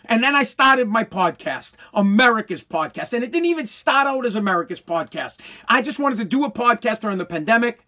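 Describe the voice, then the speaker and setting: A man's voice: very high-pitched, big pitch swings, brisk, few pauses, pushed and bright. A man delivers a fired-up podcast rant from his basement. He swears freely, circles back on his own words, and trips over restarts as he pushes his point. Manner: heated, repetitive, profane, stumbling restarts. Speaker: podcast host. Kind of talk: ranting podcast monologue. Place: home basement.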